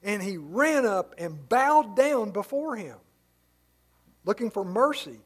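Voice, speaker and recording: A man's voice: high-pitched, big pitch swings, slow, husky. A male pastor giving a conversational Bible-teaching sermon, explaining the story casually with many asides.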